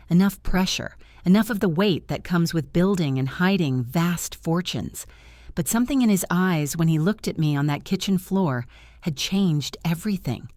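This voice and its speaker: A woman in her fifties reading a first-person story in a measured, earnest way. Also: on the low side, darkish tone, no room sound, clean studio sound.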